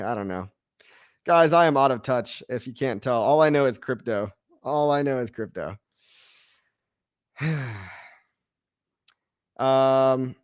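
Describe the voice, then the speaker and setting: A man's voice: medium pitch, smooth, no echo. Male host in his thirties, slangy, laid-back, laughs a lot, dry close sound. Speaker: crypto show host. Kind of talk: casual livestream Q&A.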